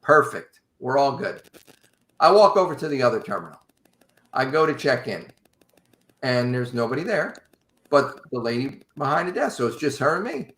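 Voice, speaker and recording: A man casually telling a long travel story to a podcast host in an animated, wry way. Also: medium pitch, normal speed. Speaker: podcast guest. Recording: roomy echo.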